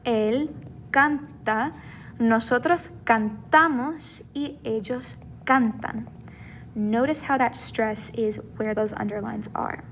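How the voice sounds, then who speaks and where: High-voiced patient teacher woman. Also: a little hiss or hum. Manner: patient, encouraging explanation. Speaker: Spanish teacher. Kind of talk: recorded video lesson.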